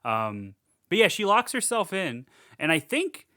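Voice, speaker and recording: A man co-hosting a podcast, rambling casually through a movie recap, laughing and throwing in quick character voices. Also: sits high, very animated, sharp tone, no room sound, studio quality. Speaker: podcast co-host.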